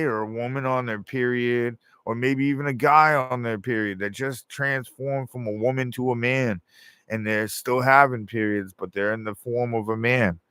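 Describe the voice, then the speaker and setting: A man's voice: medium pitch, fairly bright tone, clean tone. A man rambles through a profane monologue, acting out the voices he quotes. His voice sits in a middle range. The sound is close and dry, with no room echo. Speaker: show host.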